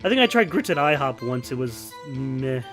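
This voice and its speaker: A man's voice: mid-range voice, very animated, normal speed, over music. A man from New York giving goofy, joking commentary over a game and laughing often. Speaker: let's play streamer. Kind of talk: casual gameplay commentary.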